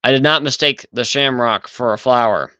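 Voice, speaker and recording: A man hosting a casual livestream, chatting loosely and thinking aloud as he goes. His mid-pitched voice sounds smooth and resonant, recorded dry and close with no room sound. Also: normal speed, pushed and bright, no room sound, low-quality recording. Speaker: livestream host.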